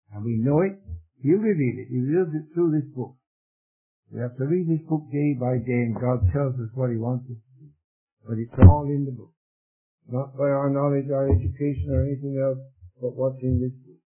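A man's voice: a little high, husky. A man preaching a sermon to a congregation, retelling a Bible story in an earnest, storytelling way and repeating words when he stumbles. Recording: tinny phone-like old radio recording.

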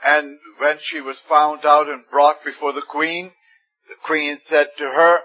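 Man, preacher, fervent sermon, husky, slightly high voice, muffled lo-fi recording. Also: flat delivery, a little slow, soft background music. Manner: fervent, emphatic preaching with sudden rises. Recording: dull lo-fi recording.

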